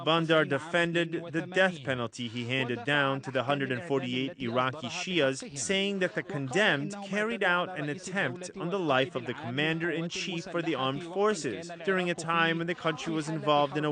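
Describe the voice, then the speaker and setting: Male news narrator, fairly high voice, formal read, crowd under. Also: moderate pace, hardly any pauses. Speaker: news reporter. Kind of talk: scripted news voice-over.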